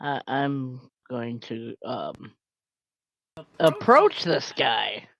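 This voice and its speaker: A woman's voice: a bass voice, lively intonation, very slow, gravelly, fairly bright tone, slight background noise. A woman playing a tabletop game, sassy and playful when speaking in character. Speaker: player. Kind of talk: tabletop role-play.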